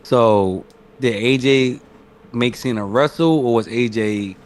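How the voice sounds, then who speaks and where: A man co-hosting a casual podcast, talking in slangy, profane, animated banter. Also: mid-range voice, takes it slowly. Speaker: podcast co-host. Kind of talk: casual chat.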